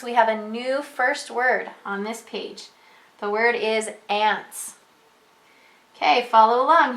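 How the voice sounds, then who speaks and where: A woman teaching a preschool reading lesson, prompting children slowly and encouragingly in a sing-song way. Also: on the high side, fairly bright tone. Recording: echoey room.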